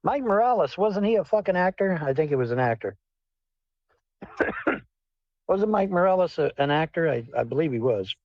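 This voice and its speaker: A man's voice: on the high side, big pitch swings, normal speed, long pauses, no room sound. A man hosting a casual livestream chat, rambling and swearing bluntly as he talks with callers. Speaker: livestream host. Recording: dull lo-fi sound.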